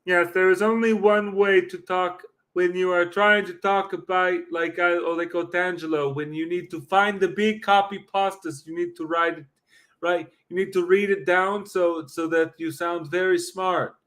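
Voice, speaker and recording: A man doing a high, drawn-out mock-smart voice. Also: steady tone, a bit bright. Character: pompous man reading copy-pastes, high affected voice.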